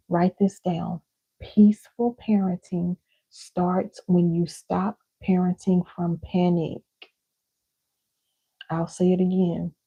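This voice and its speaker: A woman's voice: on the low side, vocal fry, mellow, slightly rough, lo-fi sound. A woman giving a live parenting and healing teaching, emphatic, repeating key lines and calling listeners baby and y'all.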